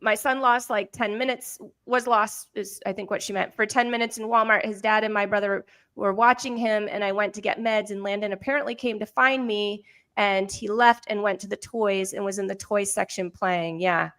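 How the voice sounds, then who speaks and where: A woman in her thirties co-hosting a casual talk show, telling stories in a chatty, animated way. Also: mid-range voice, moderate pace. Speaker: podcast co-host. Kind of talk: casual chat.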